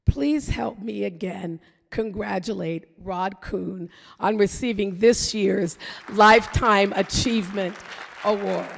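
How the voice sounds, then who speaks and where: Slow, gravelly-voiced woman presenting an award. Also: medium pitch, fairly even intonation, some chatter behind. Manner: measured, reading a prepared tribute. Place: large event hall. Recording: reverberant hall with audience.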